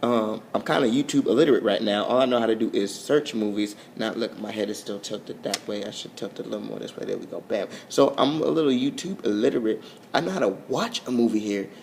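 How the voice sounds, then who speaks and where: A man's voice: fairly low pitch, a little fast, creaky, darkish tone, a little hiss or hum. A young man, rambling goofily in an overtired late-night vlog, his voice swooping up and down. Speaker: vlogger. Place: at home, filming on a phone.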